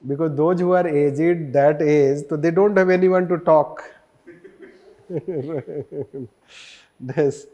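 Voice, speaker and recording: A man's voice: on the high side, fairly even intonation, takes it slowly, long pauses, mellow. A man with an Indian English accent giving a lecture, often repeating phrases and switching into Hindi, with wry sarcastic asides. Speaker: teacher.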